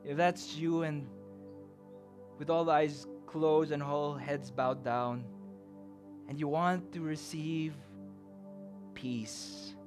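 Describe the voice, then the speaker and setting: A man with a Filipino accent preaching a sermon and leading an altar call, earnest and repetitive, slipping Tagalog phrases into his English. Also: mid-range voice. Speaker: pastor.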